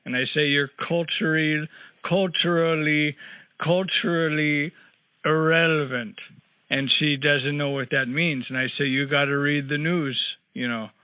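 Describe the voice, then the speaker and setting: A man's voice: on the high side, steady tone, a little slow, clean tone, no room sound, lightly acted. A man playing a cranky, rambling old man on a prank phone call, grumbling with crude asides. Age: older. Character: cranky rambling old man caller, married sixty years. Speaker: prank caller. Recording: tinny phone line, dry.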